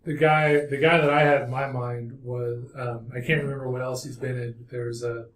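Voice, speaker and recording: A man's voice: medium pitch, little pitch movement, normal speed, fairly bright tone, far from the mic. A man playing in a tabletop game, chatting casually and searching for words. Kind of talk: casual podcast chat. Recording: echoey room, off-mic.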